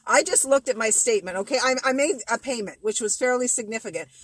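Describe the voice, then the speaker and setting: A woman as an angry customer, fed up and stammering, a bit high-voiced. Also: quick pace, breathy edge, no echo. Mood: exasperated. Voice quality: exasperated, stammering complaints. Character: irate female customer stuck on hold.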